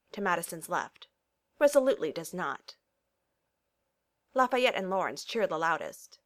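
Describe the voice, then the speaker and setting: A woman with a lower voice reads a story aloud, her pitch rising and falling with plenty of life. She tells it expressively, shifting into small character voices for the quoted lines. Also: a bit bright. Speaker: narrator. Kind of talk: reading fan fiction aloud.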